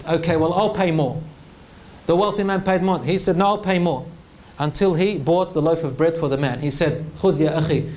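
A man giving a religious talk in English, telling a story in an animated way and mixing in Arabic phrases. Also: on the high side, a little hiss or hum. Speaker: preacher.

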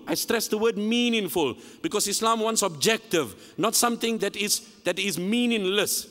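A man giving a sermon, telling a story with animated acted-out dialogue. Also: sits high, moderate pace. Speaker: preacher. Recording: long hall reverb.

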